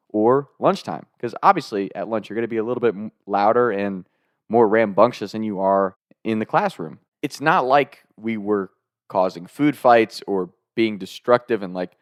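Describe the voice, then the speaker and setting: A young man telling a story from his school days in a casual, animated way, acting out what people said, with sudden loud outbursts. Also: lowish voice, dry recording, clean studio sound.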